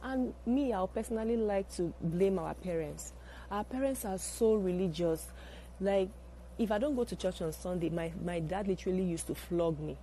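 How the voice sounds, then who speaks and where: A woman giving a measured personal testimony and recounting her experience. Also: mid-range voice, dark tone, a little hiss or hum, rough recording.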